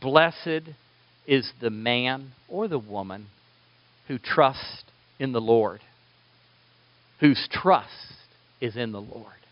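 A man preaching a sermon, swinging between loud emphatic lines and quiet asides, with playful remarks to his listeners. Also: mid-range voice, slow, long pauses, no echo, muffled recording. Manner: animated preaching with sudden loud and soft turns, playful asides to the congregation. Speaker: pastor.

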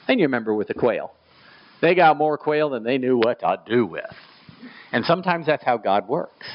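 A man's voice: very animated, fairly quick, dull audio. A man preaching a sermon, reading scripture aloud and pushing his voice up for emphasis. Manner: emphatic, rising to high pitch on quoted scripture. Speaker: pastor.

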